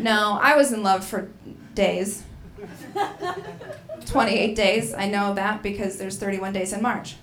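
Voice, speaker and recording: A woman's voice: medium pitch, normal speed, fairly bright tone, roomy sound, a little hiss or hum. A woman doing a brash, self-mocking stand-up set and hosting the show on a comedy bar stage. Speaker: stand-up comic and emcee.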